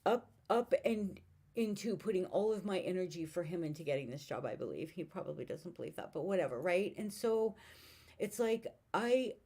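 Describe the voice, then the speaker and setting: A woman's voice: lowish voice, lively intonation, moderate pace, mellow, husky. A woman in her fifties venting in a rambling, frustrated way, swearing often, with her mic set far away. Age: 50s. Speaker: vlogger. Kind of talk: casual venting monologue.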